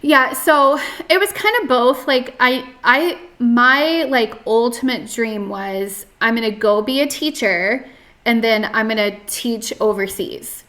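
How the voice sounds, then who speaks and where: A woman's voice: on the high side, unhurried, fairly bright tone. A young woman from North Carolina, a podcast guest telling her story in casual talk, full of "like" and restarts. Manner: chatty, many fillers and restarts, frequent "like". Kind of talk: casual interview, personal story.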